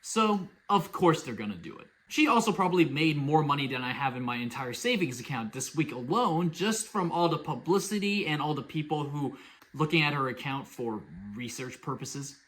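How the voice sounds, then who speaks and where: A man's voice: a little high, normal speed. A man hosting a casual commentary vlog, talking in a sarcastic, exasperated way. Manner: sarcastic, exasperated, lively storytelling. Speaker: YouTube commentary host.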